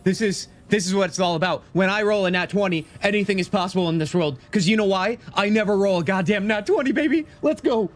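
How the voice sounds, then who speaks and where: A young man streaming gameplay live, excitable and teasing as he banters with his chat. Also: high-pitched, quick pace, hardly any pauses.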